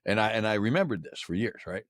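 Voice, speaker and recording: A man's voice: fairly low pitch, expressive, quick pace, fairly bright tone, dry recording. A man in his sixties telling stories as a podcast guest, in a blunt, profane, slangy way, calling people "man" and "dude". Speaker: podcast guest, military veteran. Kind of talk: casual storytelling in a podcast interview.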